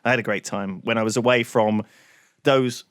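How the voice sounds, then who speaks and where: A man's voice: mid-range voice, steady tone, normal speed, a bit bright, no echo, clean studio sound. A young man, a podcast co-host, telling a story in a rambling way full of "like" and restarts. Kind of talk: casual podcast chat.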